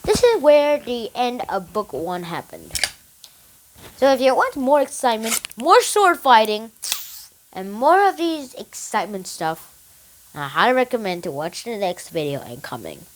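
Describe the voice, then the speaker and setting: Brief: a young reviewer retelling a book, animated and bouncy in pitch. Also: unhurried, slight background noise, low-quality recording. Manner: animated, excited storytelling with restarts. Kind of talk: casual retelling of a story.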